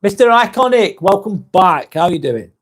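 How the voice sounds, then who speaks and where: A man's voice: high-pitched, very animated, normal speed. Chatty English man, blunt and sweary. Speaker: live vlog host. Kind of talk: casual chat reading viewer comments aloud.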